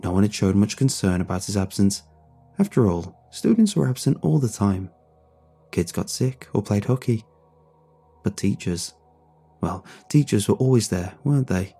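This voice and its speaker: Man narrating in first person: measured, somber, low and husky, with some music behind him. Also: expressive, warm tone.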